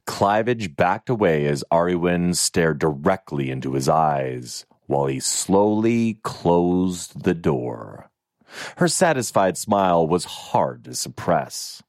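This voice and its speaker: A man narrating a fantasy novel in an expressive, even storytelling manner. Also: low voice, a little slow, dry recording, studio quality. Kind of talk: audiobook narration.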